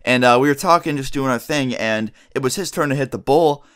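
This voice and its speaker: A young male vlogger tells his viewers a story in a casual, rambling way, swearing often and leaning heavily on "like." His mid-range voice is brisk, a bit bright, and clean in tone.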